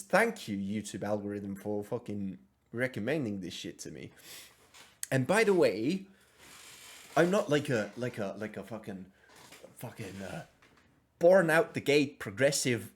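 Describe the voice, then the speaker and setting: A young man reacting to a video with incredulous, profane, animated commentary. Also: lowish voice, unhurried, slightly rough.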